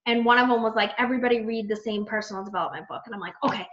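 A woman coaching new team members on a training call, chatty and animated, full of fillers and acted-out self-talk. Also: on the high side, rapid-fire. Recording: muffled lo-fi call audio.

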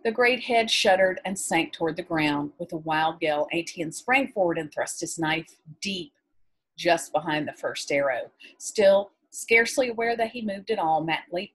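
A woman teacher reading a novel aloud to her class in a measured, expressive way, with brief asides to her students. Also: low voice, husky, poor audio.

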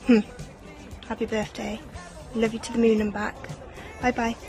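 A mother recording a soft, affectionate and slightly self-conscious birthday video message on a phone. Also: on the high side, little pitch movement, moderate pace, over music, rough recording.

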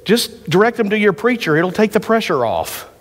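Pastor preaching in a reverberant church. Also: male voice, high voice, very animated. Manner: folksy storytelling with quick jokes. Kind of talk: sermon.

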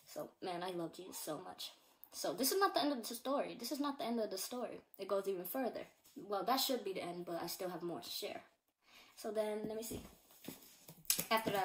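Sitting in her bedroom, a teen girl shares an earnest, rambling personal testimony, repeating herself and using lots of fillers. Her voice is medium-pitched, and a little hiss or hum runs under the recording.

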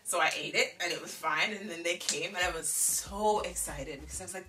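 A woman's voice: lowish voice, a little fast, few pauses, background noise. A woman from Jamaica telling a childhood story in a casual vlog, acting out the dialogue and laughing as she goes. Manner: animated, laughing, acts out dialogue. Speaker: vlogger. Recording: distant mic with faint music behind.

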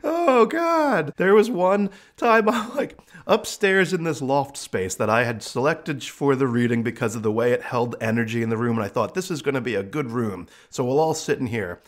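A man's voice: mid-range voice, normal speed, few pauses. A middle-aged man, a psychic medium, casually telling funny stories from his work, laughing often and acting out the voices of people and pets. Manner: animated, laughing, acts out quoted voices. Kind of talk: casual storytelling monologue.

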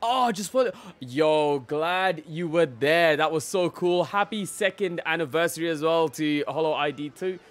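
A man's voice: on the high side, unhurried, hardly any pauses. A young man live-streaming a game, casually greeting his chat by name and laughing often.

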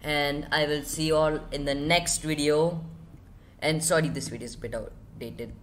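A male gaming host giving casual gameplay commentary, excitable, yelping high and repeating himself. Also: moderate pace, a little hiss or hum. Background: game music playing under the voice.

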